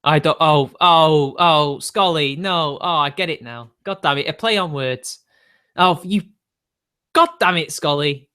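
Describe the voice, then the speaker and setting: A man live-streaming and answering his chat in a rambling way, quickly getting riled and swearing. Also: a little high, bright, forceful tone, clear, resonant tone.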